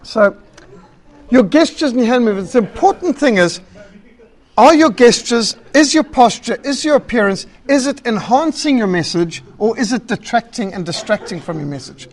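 A man teaching a church group about public speaking, emphatic and lively, listing his points and acting out rambling callers. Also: very high voice, moderate pace. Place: meeting hall.

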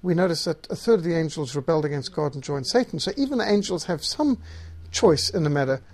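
A man's voice: a little high, lively intonation, fast talker. A man teaching systematic theology, reading scripture passages aloud and stressing key words. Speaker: Bible teacher.

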